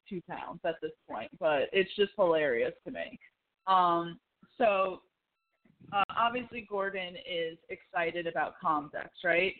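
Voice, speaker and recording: Chatty podcast co-host on a tinny line. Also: medium pitch. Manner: rambling, laughing, full of fillers and acted quotes. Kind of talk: casual chat recapping a TV series.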